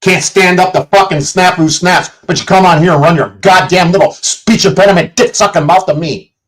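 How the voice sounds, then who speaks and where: A man with a slightly high voice rants furiously into his streaming mic, swearing constantly and jabbing at viewers in the chat. His delivery is combative and heated, a confrontational livestream tirade. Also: brisk, rough recording. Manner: profane, combative, shouting at chat. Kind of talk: angry livestream rant. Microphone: streaming setup mic.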